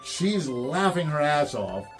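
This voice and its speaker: Brief: man, toy channel host, lively storyteller, slightly higher voice, faint music under. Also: slow pace. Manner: animated storyteller, acts out quotes. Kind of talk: casual chat.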